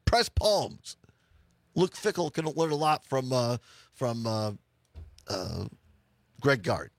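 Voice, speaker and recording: Lively rambling radio host man. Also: medium pitch, slow pace, dry recording. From Wisconsin. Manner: rambling, jokey, restarts a lot. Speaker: radio talk show host. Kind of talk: casual radio chat.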